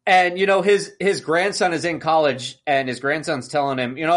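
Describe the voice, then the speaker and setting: A man co-hosting a podcast in casual chat, ranting with animated exasperation and acting out outbursts. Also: a little high, moderate pace, few pauses. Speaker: podcast co-host.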